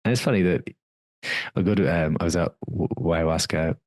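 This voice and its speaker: A man's voice: sits low, brisk, darkish tone, dry recording. A middle-aged man, a wellness coach, telling candid personal stories in a casual podcast conversation, with frequent fillers and laughs.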